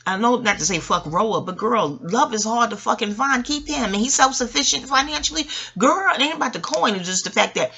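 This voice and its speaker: A woman's voice: a little high, a little fast, few pauses, bright, forceful tone. A woman giving a casual, rambling review of a reality TV episode, chatty and profane, with frequent asides to the listener. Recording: faint background noise.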